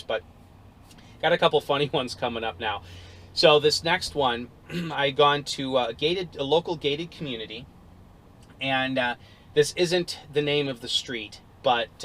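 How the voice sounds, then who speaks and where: A middle-aged man, an appliance repair technician, casually telling stories in an animated way with many fillers, recorded in a car. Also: mid-range voice, rough recording. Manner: animated, lots of fillers and restarts. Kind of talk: casual storytelling.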